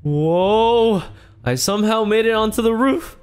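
A young man hosting a Minecraft roleplay, chatty and animated, jumping into panicky yelps. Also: high voice, unhurried, clear, resonant tone. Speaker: YouTube roleplay host.

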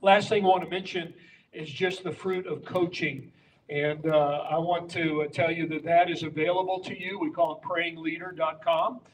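A man with a high, bright-pitched voice, teaching a room of pastors about prayer. He speaks emphatically, often checking in with the crowd. He is heard from a distance in a live room, with a faint hum of ambience behind him. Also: flat delivery, normal speed. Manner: emphatic, teaching by patterns and rhetorical questions. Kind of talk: conference talk to pastors. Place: conference room with audience.

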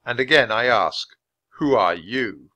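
A man voicing a proud king in a storybook reading, speaking firmly and forcefully. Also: medium pitch, animated, unhurried, dry recording. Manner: firm and forceful. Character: proud angry king, middle-aged man.

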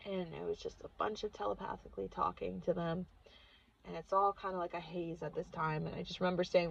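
A woman, a mother, telling a long personal story in a casual vlog and acting out the voices she quotes, swinging from hushed to loud. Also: lowish voice, brisk, gravelly, husky, highs cut off. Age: adult with children. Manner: animated, acts out quotes with big swings in loudness. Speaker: vlogger recounting a retreat.

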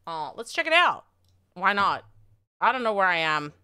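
A woman with an Australian accent chatting on a livestream, rambling and excitable, swearing often as she talks to her chat. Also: medium pitch, normal speed, clear, resonant tone, dry recording, clean studio sound.

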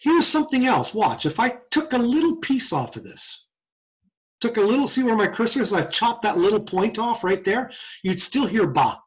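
A man's voice: sits high, normal speed, highs cut off. A man giving an informal, conversational lecture on hearing science, joking as he explains. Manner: lively, conversational, jokey. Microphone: screen-share recording.

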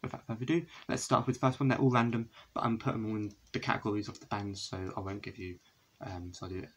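A man's voice: on the low side, steady tone, fast talker, slight background noise, poor audio. A young man chatting casually at home as he shows his CD collection, rambling with many fillers and self-corrections. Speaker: vlogger. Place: indoors, a room at home with a window.

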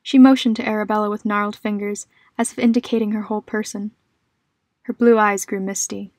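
A woman narrating a short horror story in a calm, measured, scripted reading. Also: medium pitch, no echo, clean studio sound.

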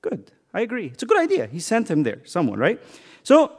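A man's voice: sits high, wildly swooping pitch, brisk, darkish tone. A man teaching a casual youth Bible lesson in a church hall, joking and quizzing the kids as he retells the story.

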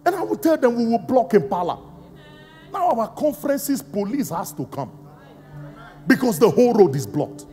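A man preaches a Pentecostal sermon in a large church auditorium. His voice sits high and leaps around with wide pitch swings, moving between shouts and slow, hushed emphasis as he fires questions at the congregation. Long hall reverb and faint music hang behind him. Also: very animated. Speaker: apostle and senior pastor.

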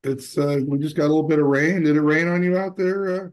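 A man's voice: fairly high pitch, steady tone, quick pace, dry recording. A man chatting casually as a panel guest.

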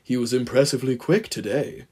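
A man's voice: mid-range voice, fairly quick, darkish tone, breathy edge, lightly acted. A man voicing a sly, scheming male diesel engine who oozes oily, ingratiating charm in a fan audiobook.

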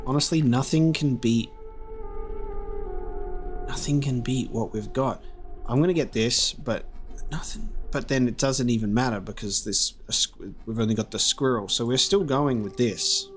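A man giving casual, chatty let's-play commentary, thinking out loud and poking fun at himself. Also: medium pitch, moderate pace. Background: game music.

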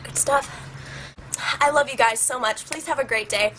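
Goofy young woman vlogging, kinda high voice, a bit breathless from jokes. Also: a little fast, pushed and bright, slight background noise. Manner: playful, joking, goofy. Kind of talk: casual comedic vlog.

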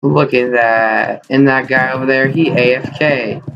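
Young male gaming streamer, mid-range voice, excitable self-deprecating play-by-play, noisy desk recording with mouse clicks. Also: medium pitch, unhurried, vocal fry, muffled recording. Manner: excitable, self-mocking, exclaims often. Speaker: gaming YouTuber. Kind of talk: live gameplay commentary.

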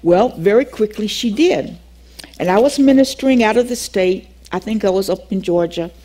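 An older woman leads a Bible class and shares a story from her own life. She tells it with lively energy, acts out each exchange, and laughs easily as she talks. Her voice sits at an ordinary middle pitch for a woman. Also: normal speed. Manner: animated storytelling, acts out dialogue, laughs often. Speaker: Bible teacher. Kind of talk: teaching class with personal testimony.

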